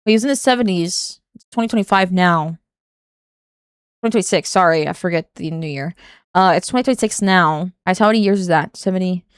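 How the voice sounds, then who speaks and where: A woman's voice: on the low side, brisk, clear, resonant tone, dry recording, clean studio sound. A young woman streaming a casual reaction commentary, exasperated and rambling, swearing often and breaking into laughs.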